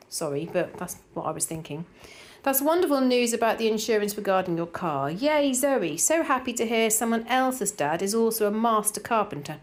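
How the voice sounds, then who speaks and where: A woman's voice: a little high, lively intonation, moderate pace. A middle-aged woman with a Norfolk accent, chatting casually as she reads out viewer comments for her decluttering vlog, rambling with plenty of fillers. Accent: Norfolk English. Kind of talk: casual chat, reading comments aloud.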